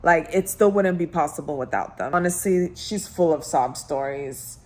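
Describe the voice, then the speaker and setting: A woman's voice: sits low, normal speed. A woman vlogger, a bit drunk, ranting and telling stories in a casual chat. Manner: ranting, animated storytelling. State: tipsy.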